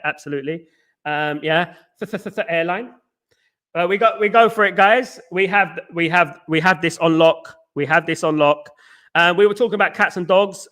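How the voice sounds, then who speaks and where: An English football watchalong host rambles casually to his live-stream viewers, addressing them directly with plenty of fillers and restarts. His voice sits fairly high and sounds bright and tense.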